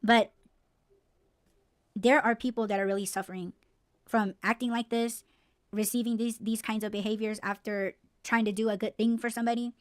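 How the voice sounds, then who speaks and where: A woman's voice: on the high side, fairly even intonation, moderate pace, long pauses, dry recording, studio quality. A woman hosting a podcast, ranting bluntly and swearing freely in a casual, heated way. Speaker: podcast host.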